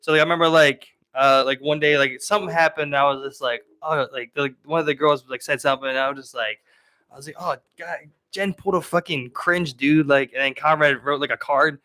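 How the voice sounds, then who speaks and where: A man's voice: mid-range voice, fairly even intonation, quick pace, bright, forceful tone, clear, resonant tone. A man with a Baltimore accent co-hosting a casual podcast, rambling with lots of "like" fillers. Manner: rambling, filler-heavy, many "like"s. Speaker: podcast co-host.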